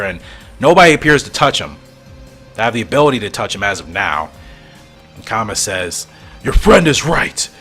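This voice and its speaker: A man hosting a channel, excitedly reading and commenting on a fan comic with frequent laughs. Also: medium pitch. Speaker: channel host.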